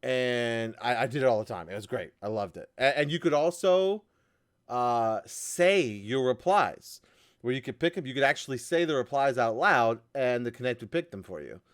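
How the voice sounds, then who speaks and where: Animated man chatting on a gaming podcast. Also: medium pitch, normal speed. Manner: animated, laughing, stumbles over words. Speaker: podcast co-host. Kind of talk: casual chat.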